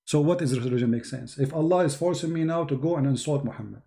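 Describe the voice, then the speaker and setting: A man's voice: fairly high pitch, quick pace, gravelly, dark tone. A man hosting a heated live-stream debate, insistent and repetitive, his voice wearing out. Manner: insistent, repeats himself. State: losing his voice. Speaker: debate show host. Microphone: computer mic on live stream.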